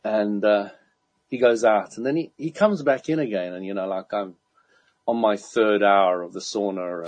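A man's voice: lowish voice, normal speed. A man in casual chat, telling an anecdote with lots of laughter and acted-out quotes. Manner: animated anecdote-telling, laughs often, acts out quoted people.

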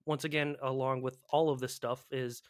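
A man casually chatting about a video game with a co-host, animated and profane, often acting out panicked players. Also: mid-range voice, normal speed, no room sound, clean studio sound. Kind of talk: casual gaming chat.

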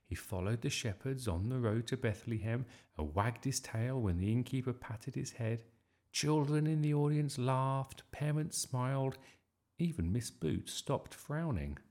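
A man reading a children's story aloud in a lively, expressive way. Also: medium pitch, unhurried. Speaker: storybook reader.

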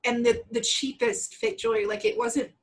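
A woman's voice: fairly high pitch, normal speed. A woman co-hosting a casual chat, telling a story and acting out the people in it with big swings of voice. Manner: animated, acts out quoted people with big voice swings. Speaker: podcast co-host.

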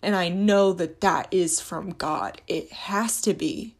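A woman's voice: fairly low pitch, slow, slightly rough. A woman hosting a casual faith-and-money monologue, talking in an earnest, rambling, passionate way.

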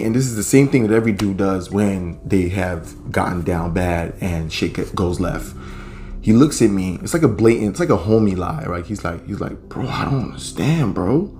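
A man's voice: fairly low pitch, a little mellow. A young man hosting a podcast, telling a story in a laid-back, profane, rambling way. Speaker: podcast host. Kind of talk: casual storytelling.

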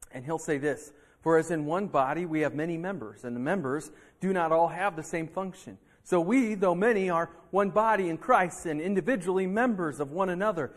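A male pastor delivering a sermon in a church, acting out heated arguments between people. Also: fairly high pitch. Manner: animated preaching, acting out heated quotes. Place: church sanctuary.

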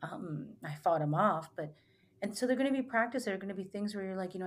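A woman's voice: mid-range voice, animated, fast talker, a little hiss or hum. A young adult woman, a spiritual retreat guide, telling stories earnestly in a casual podcast talk with many fillers. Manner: earnest, rambling, filler-heavy storytelling.

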